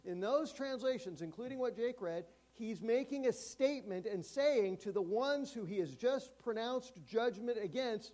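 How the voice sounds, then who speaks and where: A man preaching a sermon in a church. He speaks emphatically and slows down and drops to a hush on key words. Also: extremely high pitch. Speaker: pastor.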